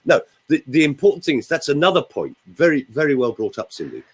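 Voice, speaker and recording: A man's voice: a little high, sing-song, quick pace, breathy edge, rough recording. An older man, a voice coach explaining and demonstrating voice technique in a theatrical way on a radio show. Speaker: voice coach guest.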